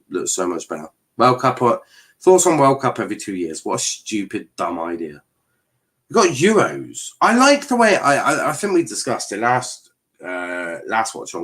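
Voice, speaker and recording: A man hosting a live football watchalong, giving casual commentary on the match and answering chat with blunt, sweary reactions. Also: mid-range voice. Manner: animated, sweary, reacts to play and chat messages. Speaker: watchalong streamer host.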